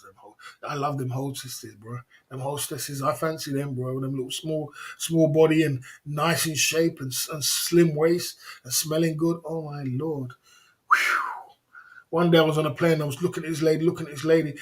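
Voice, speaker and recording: Guy on a livestream, kinda high voice, rambles stories and laughs a lot, shouts out the chat. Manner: chatty storyteller, laughs often, gives shout-outs to chat. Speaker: livestream host.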